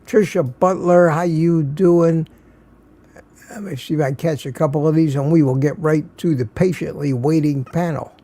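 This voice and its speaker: An older man, tired and slurring a little, hosts a casual live stream and greets his viewers one by one. His voice is gravelly and mellow, pitched a touch high for a man, and he chuckles often between names. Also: steady tone, normal speed. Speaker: livestream host.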